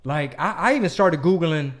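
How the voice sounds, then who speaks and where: Chatty man hosting a podcast. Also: fairly high pitch. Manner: eager backchanneling with quick yeahs, mixes in Spanish slang. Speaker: podcast host. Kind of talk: casual podcast chat.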